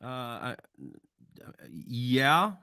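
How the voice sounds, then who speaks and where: A man, a guest telling stories with profane, deadpan joking rants. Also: medium pitch, very slow, smooth, no room sound. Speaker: guest, veteran and video creator. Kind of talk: casual chat.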